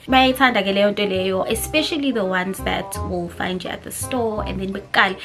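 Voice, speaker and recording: A woman's voice: medium pitch, normal speed, few pauses. A young South African woman with a South African accent, chatting casually to camera and slipping between English and isiZulu mid-sentence. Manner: animated, expressive, switching languages mid-sentence. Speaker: vlogger. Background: background music.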